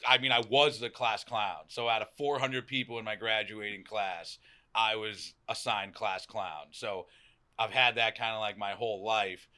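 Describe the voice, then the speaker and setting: A young man with a Boston accent speaks in a low, hard-edged, forceful voice. He talks loudly and outgoingly, swearing and acting out what others said. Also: fairly even intonation, normal speed. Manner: loud, outgoing, swears, acts out quotes. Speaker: podcast guest. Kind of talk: casual conversation.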